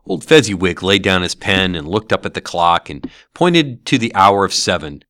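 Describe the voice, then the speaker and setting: A man reading a classic novel aloud as an audiobook, with expressive storytelling. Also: low voice, moderate pace, no room sound, clean studio sound. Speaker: narrator.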